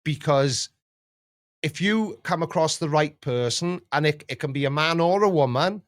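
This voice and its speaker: A man hosting a casual chat, rambling and jokey, often jumping up in pitch. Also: normal speed, no echo, clean studio sound. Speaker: YouTube reaction host.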